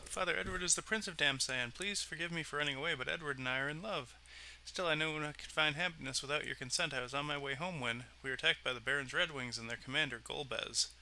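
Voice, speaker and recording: A man's voice: fairly high pitch, quick pace, sharp tone, a little hiss or hum. A man voicing a loving, sorrowful young princess in a video game, speaking in a pleading, earnest way. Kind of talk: reading game dialogue aloud.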